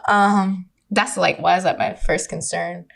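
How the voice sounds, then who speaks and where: A woman guest on a podcast tells a story in loose, lively chat. She swears often and slips into mocking impressions of the people in the story. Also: on the low side, measured pace, gravelly. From California. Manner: animated, profane, mocking impressions. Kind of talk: casual storytelling. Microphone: remote recording.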